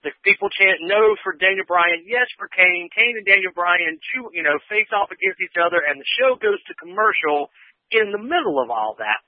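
A man's voice: high-pitched, animated, moderate pace, dry recording. A man casually recapping a wrestling show for a podcast, rambling with lots of fillers and acting out quotes. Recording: tinny phone line.

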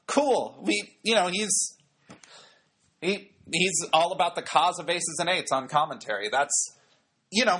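A man talks through a wrestling episode in a loose, wry podcast style, full of ums and asides. His voice sits a little high and sounds bright and forward, with a faint husk to it. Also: slightly rough. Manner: chatty, wry, many fillers. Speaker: wrestling show reviewer. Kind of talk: casual podcast commentary.

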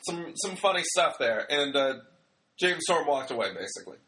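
Young male reviewer, bright slightly high voice, rambling jokey recap delivery. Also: sing-song, moderate pace. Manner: chatty, rambling, joking, acts out quotes. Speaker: wrestling show reviewer. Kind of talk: casual recap commentary.

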